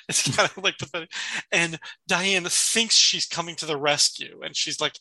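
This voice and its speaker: A man's voice: a little high, steady tone, moderate pace, vocal fry, sharp tone, no room sound, poor audio. A man co-hosting a casual podcast, recapping scenes with many restarts and frequent laughs. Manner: stammers and restarts, laughs often. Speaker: podcast co-host. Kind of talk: casual chat about TV.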